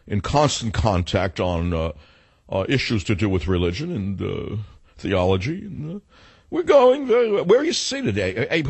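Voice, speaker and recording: A man putting on the voice of a fussy, boastful old Jewish man who dodges questions in a high, sing-song, self-important way. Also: a little mellow, slightly rough, dry recording, heavily acted.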